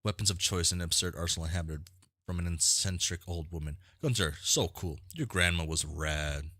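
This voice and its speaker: A man's voice: low voice, a little fast, pushed and bright, no echo. A man casually reading a webcomic aloud with rambling, self-mocking asides, stumbling over names. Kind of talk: casual read-along with commentary.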